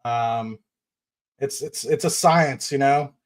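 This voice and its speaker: A man's voice: medium pitch, takes it slowly. A man hosting a casual investing livestream, rambling with many fillers and restarts, fired up and standing while he talks. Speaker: livestream host.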